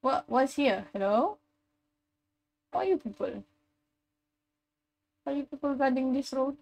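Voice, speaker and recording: A woman live streaming a game, reacting loudly and chatting with her viewers as she plays. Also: high-pitched, unhurried, gravelly. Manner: animated, exclamatory, talks to chat while playing. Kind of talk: live gaming stream chat.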